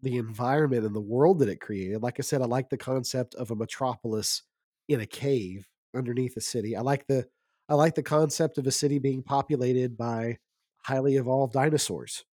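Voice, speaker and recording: A man's voice: mid-range voice, brisk, a little mellow, dry recording, clean studio sound. A man in a casual movie review podcast, easygoing and thinking aloud with fillers. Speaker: podcast co-host.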